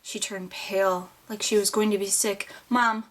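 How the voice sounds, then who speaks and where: A woman's voice: mid-range voice, little pitch movement, normal speed. A woman reading a first-person novel aloud in an audiobook, with plain, unpolished delivery and small restarts. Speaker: audiobook reader.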